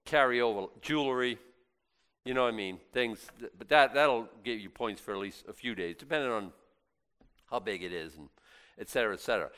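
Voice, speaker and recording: Animated joking male preacher. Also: medium pitch, clean tone. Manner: animated, joking, swings between loud and hushed. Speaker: pastor. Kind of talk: casual conversational sermon.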